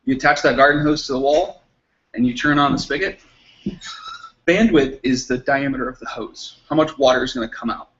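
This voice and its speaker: A man's voice: medium pitch, fairly quick, fairly bright tone. A man giving a casual technical talk at a meetup, explaining things with everyday analogies and little acted-out dialogues. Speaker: meetup speaker. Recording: slightly muffled event recording.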